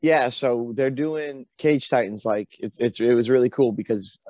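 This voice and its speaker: A man's voice: mid-range voice, moderate pace, a little mellow, no room sound. Boston man rambling with lots of "you know". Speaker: pro fighter as guest. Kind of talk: casual interview talk.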